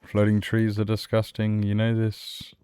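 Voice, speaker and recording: A man's voice: fairly low pitch, monotone, a little slow, dark tone, smooth. A man streaming a game and telling a long rambling story in casual chat, acting out his own reactions.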